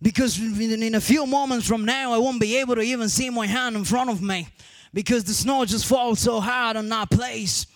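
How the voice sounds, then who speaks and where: A male preacher retelling a story in a sing-song sermon cadence, repeating and restarting words, building up to shouting. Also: extremely high pitch, moderate pace, hardly any pauses, dry recording.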